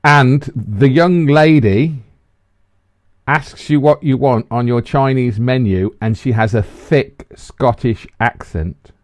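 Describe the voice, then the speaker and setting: A man's voice: medium pitch, takes it slowly, no echo. A man from the bantering casually on a podcast as a co-host, laughing and swearing as he talks. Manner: animated, swearing, laughs often.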